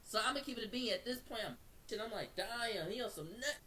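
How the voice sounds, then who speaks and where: A man's voice: extremely high pitch, quick pace, recorded from a distance. A man telling a story in casual slang, acting out what people said to him and speeding up as it gets tense. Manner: slangy, acts out quotes, speeds up when excited. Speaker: storyteller recounting an incident.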